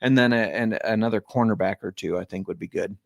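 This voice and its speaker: A man's voice: lowish voice, gravelly, dry recording, clean studio sound. A man co-hosting a casual football podcast, joking and teasing his co-host and reading sponsor ads. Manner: joking, teasing, quick reads. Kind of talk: casual sports chat with ad reads.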